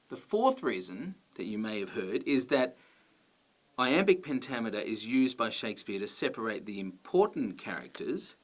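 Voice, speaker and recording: A man presenting a video lesson as a teacher, explaining step by step in a clear, methodical way with the odd "uh" or "um". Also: lowish voice. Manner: clear, methodical explaining with occasional ums and uhs.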